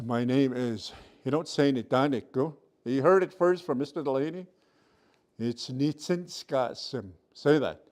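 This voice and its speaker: A man with a medium-pitched voice teaches a virtual language class over a computer mic on a video call. He sounds out letters slowly, repeats each sound, and frequently checks in with his students.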